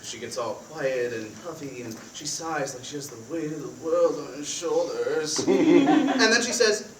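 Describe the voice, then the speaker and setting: A man's voice: a little high, expressive, measured pace. A young male student actor playing a chatty, laughing roommate on a theater stage. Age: young adult. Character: rambling laid-back young male roommate. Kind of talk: live stage reading. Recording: echoey theater from far off, noisy.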